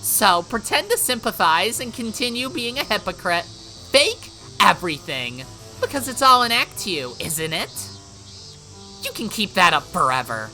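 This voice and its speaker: A woman putting on a bitter, scornful teenage girl from a visual novel, biting and sarcastic, her pitch swinging widely between sneers, bright and edgy in tone. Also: big pitch swings, moderate pace, soft background music, poor audio. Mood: mocking. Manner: cutting, mocking, bitter. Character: scornful teenage girl, sharp-tongued twin. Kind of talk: voiced visual novel reading.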